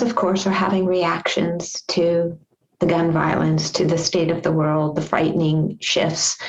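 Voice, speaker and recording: A woman's voice: on the low side, a little mellow, highs cut off. A woman speaking as a parenting guest expert on a podcast, earnest and repeating her key points for emphasis. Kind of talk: podcast interview.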